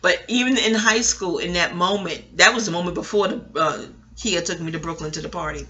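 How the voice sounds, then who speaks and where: A woman's voice: on the low side, a little fast, bright, forceful tone. A middle-aged woman, telling stories at home in a rambling, profane way and laughing often. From New York. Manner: profane, laughing, digressive storytelling. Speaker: vlogger. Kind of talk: casual rambling monologue.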